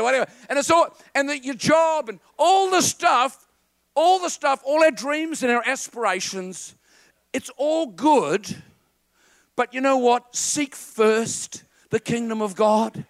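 A man preaching a lively sermon to a congregation, quoting film lines and getting the crowd to repeat after him. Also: extremely high pitch, creaky, no room sound. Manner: animated, quotes film lines and calls on the congregation.

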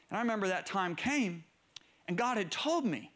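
A middle-aged male preacher telling stories in a sermon, swinging between low murmurs and raised, excited bursts. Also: normal speed. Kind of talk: storytelling sermon.

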